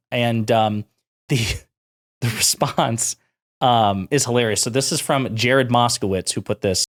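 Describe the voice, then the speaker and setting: A man's voice: mid-range voice, takes it slowly. A man hosting a political commentary channel, talking casually and sarcastically with frequent fillers.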